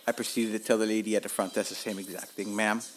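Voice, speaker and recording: A man's voice: on the low side, fast talker, faint music behind. A man hosting his own podcast from home, telling stories casually and animatedly with plenty of swearing. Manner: animated, profane, laughs at himself. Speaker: podcast host.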